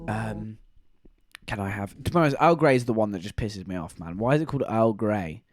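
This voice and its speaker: A man's voice: fairly low pitch, brisk, no echo, clean studio sound, faint music behind. A man, streaming live and chatting in a rambling, joking way. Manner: rambling, joking, animated storytelling. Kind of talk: casual live-stream chat.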